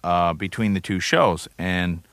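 Man, 40s, from Canada, rambling wry interview answers, low-ish voice, dry close sound. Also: unhurried, a bit bright, dry recording. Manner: rambling, wry, self-deprecating, chuckles. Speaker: comedian guest.

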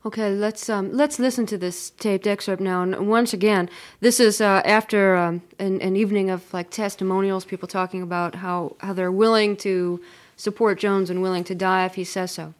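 A woman's voice: mid-range voice, steady tone, moderate pace. A woman hosting a radio interview, introducing segments in a plain, matter-of-fact way. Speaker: radio host.

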